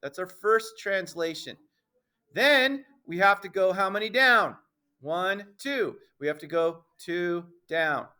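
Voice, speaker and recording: A man teaching a middle school math class, playful and emphatic, addressing the students as ladies and gentlemen and checking often that everyone understands. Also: sits high, lively intonation, takes it slowly, smooth.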